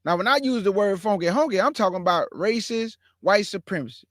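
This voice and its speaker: A man's voice: sits high, animated, fairly quick, fairly bright tone, dry recording, studio quality. A man hosting his own online show, commenting live to his viewers in an emphatic, repetitive way and stretching out words for effect.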